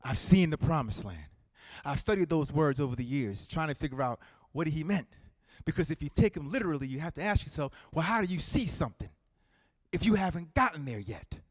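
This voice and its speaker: Male political speaker, high voice, dry sound; rousing rally speech with rhythmic repetition and hushed story passages. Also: expressive, brisk, dry recording. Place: community center hall.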